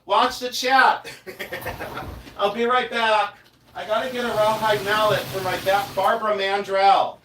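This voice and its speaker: A man's voice: sits high, fairly even intonation, unhurried, bright, forceful tone, slight background noise. A man hosting a casual live stream from his home studio, chatting to viewers in a scattered, rambling way. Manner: chatty, scattered, talks to chat while rummaging around. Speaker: livestream host, silversmith.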